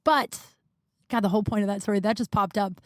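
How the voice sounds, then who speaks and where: A woman's voice: medium pitch, steady tone, fast, no room sound, clean studio sound. A young woman hosting a podcast, telling rambling stories in casual chat, with plenty of fillers and swearing. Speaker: podcast host. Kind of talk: casual storytelling monologue.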